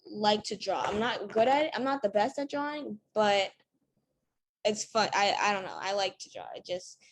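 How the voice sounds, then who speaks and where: A teenage girl chats easily in an interview, filling her answers with casual fillers. Her voice sits at a middle pitch for a woman, and faint background noise hums under the recording. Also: normal speed. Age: teens. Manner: chatty, many fillers like "like" and "you know". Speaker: interview guest.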